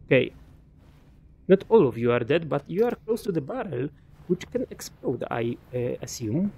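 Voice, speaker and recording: A man's voice: on the high side, sing-song, moderate pace, dark tone, slightly rough. A young man giving casual let's-play commentary, chatting to enemies and muttering asides to himself. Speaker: gaming commentator.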